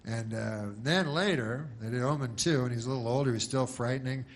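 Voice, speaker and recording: A man doing stand-up in a flat, deadpan way. He wanders through his jokes with restarts and asides, never rushing the punchline. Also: medium pitch, a little hiss or hum. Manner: deadpan, rambling, full of restarts. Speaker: stand-up comedian. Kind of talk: stand-up comedy.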